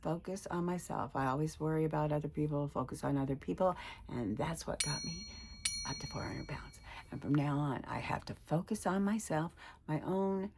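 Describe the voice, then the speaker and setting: A woman's voice: deep voice, normal speed, darkish tone, slightly rough. A woman in her sixties talking in a casual personal vlog, chatty and emotional, retelling her conversations. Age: 60s. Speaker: vlogger.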